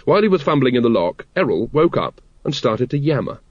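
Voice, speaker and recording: A man's voice: medium pitch, very animated, brisk, no echo. Male narrator, dry wry reading, mid-range voice, dull lo-fi recording. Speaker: audiobook narrator. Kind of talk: scripted narration.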